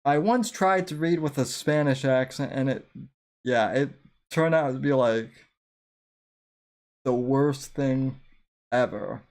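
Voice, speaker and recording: A man's voice: medium pitch, slow, pauses often, darkish tone. A man hosting a podcast, chatting casually in rambling, self-deprecating asides. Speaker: podcast host. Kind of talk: casual chat, commentary on an old episode.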